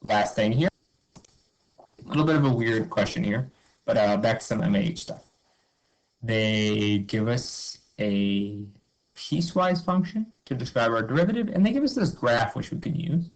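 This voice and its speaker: A man's voice: medium pitch, animated, moderate pace, rough recording. A man teaching a math review lesson, upbeat and informal, talking through each step and asking himself questions. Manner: upbeat, explains step by step, asks and answers his own questions; informal, says okay and cool a lot.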